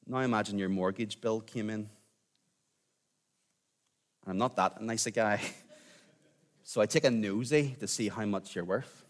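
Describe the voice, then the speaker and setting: A man preaching a sermon in a conversational way, sometimes dropping to a quiet, intense tone. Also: fairly low pitch, measured pace, long pauses. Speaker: pastor.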